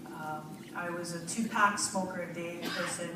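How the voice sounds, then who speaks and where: A woman's voice: on the low side, steady tone, normal speed. A woman giving a nervous, rambling personal testimonial to a live audience, often laughing and restarting her sentences. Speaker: speaker sharing a personal testimonial. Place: large room before a live audience. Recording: echoey hall, distant mic, audience noise.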